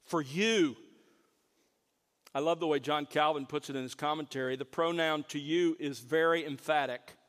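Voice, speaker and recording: In a big hall with a long, trailing echo, a pastor gives a heartfelt sermon, lingering slowly on the most important words. His voice sits somewhat high for a man, fairly bright in tone, with fairly even intonation.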